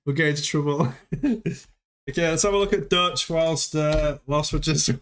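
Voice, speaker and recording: A man hosting a casual crypto livestream, laughing often between his unhurried remarks. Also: on the high side, a bit bright.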